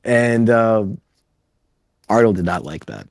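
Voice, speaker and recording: A man's voice: on the low side, expressive, slow, vocal fry, no room sound. A man being interviewed on a podcast, telling loose rambling stories and laughing as he goes. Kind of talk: casual storytelling interview.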